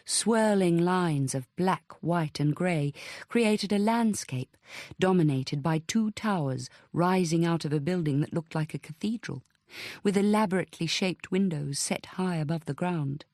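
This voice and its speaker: A woman with a fairly low voice narrates scripted audiobook text in a calm, even, measured storytelling way. The recording is dry and cleanly studio-made.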